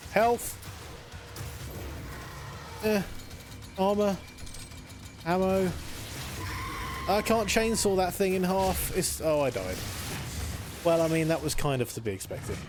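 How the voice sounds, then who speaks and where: A man's voice: a little high, a little mellow. A man streaming a shooter game live, rambling and joking, talking to the enemies on screen. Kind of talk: live gameplay commentary.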